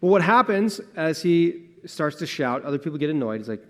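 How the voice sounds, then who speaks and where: A man preaching a sermon as pastor, earnest and conversational, moving between emphatic lines and hushed asides and posing rhetorical questions. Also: a little high, lively intonation, brisk. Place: church sanctuary. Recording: long church reverb.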